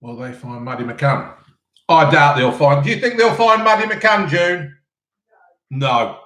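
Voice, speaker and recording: A man's voice: on the high side, measured pace, fairly bright tone. A man chatting casually on a live stream, eating and answering chat questions in a rambling way full of ums. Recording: roomy echo.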